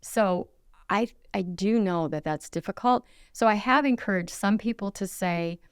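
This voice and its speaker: A woman's voice: mid-range voice, unhurried, clean tone, no room sound, clean studio sound. A middle-aged woman giving relationship advice in a casual conversation, earnest and instructive, often acting out quoted apologies. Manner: acts out quoted apologies in lively voices.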